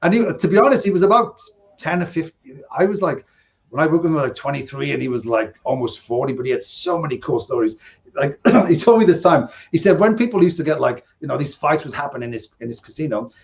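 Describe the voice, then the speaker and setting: Gravelly man telling casino stories. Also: on the high side, quick pace, dull audio. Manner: rambling anecdotes with frequent "right?" and laughs. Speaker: podcast co-host, former casino dealer. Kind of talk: casual storytelling chat.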